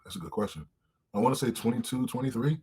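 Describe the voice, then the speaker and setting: A man in his thirties, a podcast guest telling candid stories in an animated way, swearing freely and acting out other people's voices. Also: mid-range voice, fast, breathy edge. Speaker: interview guest.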